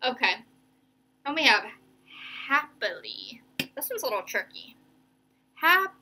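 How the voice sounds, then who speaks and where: Slow, bright-voiced woman teacher. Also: a little high, sing-song, a little hiss or hum. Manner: slow, stretched-out sounding of words. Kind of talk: remote reading lesson for kids.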